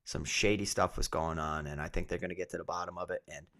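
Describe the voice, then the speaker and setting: A man, a fighter and co-host, chatting casually about fight betting in a relaxed way, thinking aloud with many asides. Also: sits low, fast talker. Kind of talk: casual sports betting chat.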